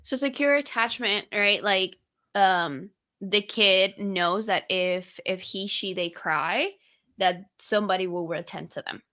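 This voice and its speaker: A woman's voice: mid-range voice, a little slow, sharp tone. A young woman co-hosting a podcast, talking candidly and casually, swearing now and then as she retells personal moments. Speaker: podcast co-host. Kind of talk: casual conversation.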